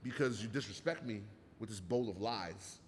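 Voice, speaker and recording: A man in casual comedic chat, telling animated, profane stories with acted-out quotes. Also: lowish voice, normal speed. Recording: long hall reverb.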